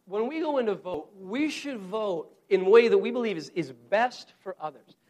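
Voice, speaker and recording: A man preaching a sermon in an earnest, conversational way, speaking straight to his congregation and slowly repeating his key phrases for emphasis. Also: high voice, lively intonation, darkish tone. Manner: conversational, addresses the congregation directly.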